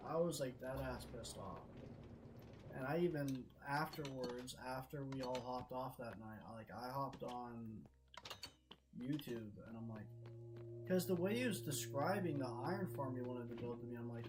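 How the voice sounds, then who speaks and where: A young male gaming streamer vents in a loose, profane, storytelling ramble, his voice sitting at an ordinary middle pitch. Music plays clearly underneath him the whole time. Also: normal speed, rough recording. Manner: heavy swearing, frustrated and venting. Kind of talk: casual storytelling rant while playing. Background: background music.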